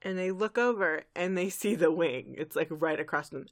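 A woman's voice: lowish voice, brisk. A woman co-hosting a podcast, chattily recapping an episode and acting out the characters' quotes. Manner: chatty, animated retelling with acted quotes. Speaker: podcast co-host.

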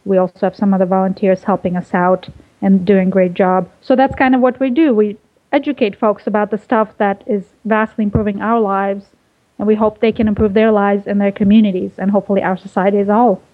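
A woman from Russia, a guest explaining her organization's work in a measured way, heard over a phone line. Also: medium pitch, fairly even intonation. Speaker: guest, nonprofit co-founder. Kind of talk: casual interview over phone.

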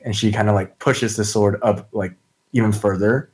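A man takes part in a tabletop role-playing game as a player. He describes his character's actions in a casual, halting way, with frequent fillers. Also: on the low side, steady tone. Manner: hesitant, full of "like" fillers.

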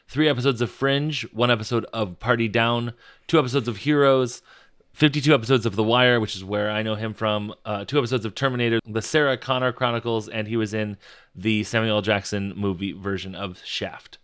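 A man co-hosts a casual podcast in a plain, mid-pitched voice. He mostly chimes in with short agreements, then rattles off cast credits in a steady list. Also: smooth. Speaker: podcast co-host. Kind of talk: casual chat.

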